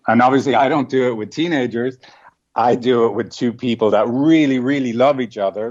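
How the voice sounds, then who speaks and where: A man's voice: fairly low pitch, a little mellow, dull audio. A man with a Dublin Irish accent, a couples therapist telling stories earnestly, often tagging lines with "right?". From Ireland. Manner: earnest, storytelling, frequent "like" and "right?". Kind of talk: reflective interview talk.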